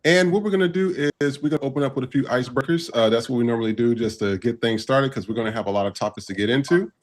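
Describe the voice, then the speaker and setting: A man's voice: medium pitch, fast. A man hosting a live podcast panel, talking casually and loosely with many fillers. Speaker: podcast host. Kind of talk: casual live-stream chat.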